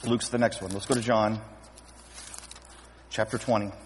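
A man preaching a sermon as pastor, lively and acting out scripture scenes with voices. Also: lowish voice, moderate pace, slight background noise. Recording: long hall reverb.

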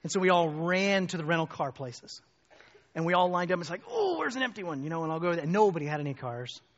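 A man preaching a sermon, telling a personal story in an animated way and climbing high and loud when excited. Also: fast. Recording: muffled hall with long reverb.

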